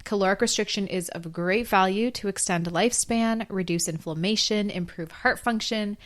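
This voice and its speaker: Hoarse woman podcaster explaining earnestly. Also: medium pitch, moderate pace. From North America. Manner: earnest, explanatory, with fillers and restarts. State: hoarse, losing her voice. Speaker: podcast host. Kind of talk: solo health podcast talk.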